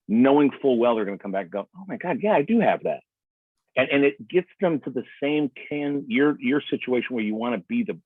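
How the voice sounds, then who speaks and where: A man as a sales trainer teaching on a video call, animated, acting out customer dialogue. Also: medium pitch, dry recording. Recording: tinny phone-like line.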